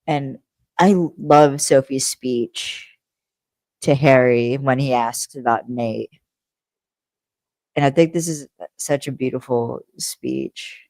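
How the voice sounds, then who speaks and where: A woman's voice: extremely low pitch, slow, long pauses, darkish tone, no echo. A woman co-hosting a podcast in casual chat, rambling with lots of fillers and laughing easily. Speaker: podcast co-host.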